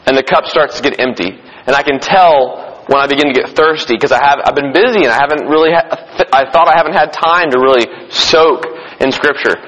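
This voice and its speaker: Pastor, male, relaxed sermon full of restarts and audience questions; dull lo-fi capture. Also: fairly high pitch, fairly quick, few pauses. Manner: conversational, frequent restarts, questions the congregation. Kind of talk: informal sermon. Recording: long hall reverb, dull lo-fi sound.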